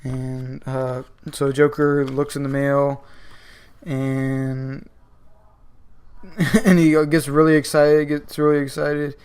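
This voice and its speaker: A man's voice: mid-range voice, flat delivery, slow, pauses often, darkish tone, clean tone. A man reviewing comic books in a casual, rambling style full of fillers. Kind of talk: casual video commentary.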